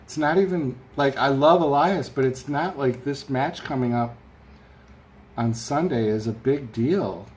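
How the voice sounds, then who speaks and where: A man chats loosely through a live stream from a room at home, wandering from thought to thought and reading out what viewers write. His voice sits at an ordinary middle pitch. A faint room ambience stays under him the whole time. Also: a little slow, a little mellow, slight background noise. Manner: rambling, chatty, reads viewer comments aloud. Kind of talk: casual live chat. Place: home room with a fan running.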